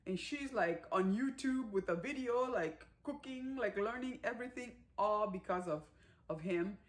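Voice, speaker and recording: A woman's voice: medium pitch, normal speed. Woman reviewer, casual recap, chatty with fillers, mid-range voice, acts out quotes. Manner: animated retelling with acted-out character quotes. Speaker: movie reviewer.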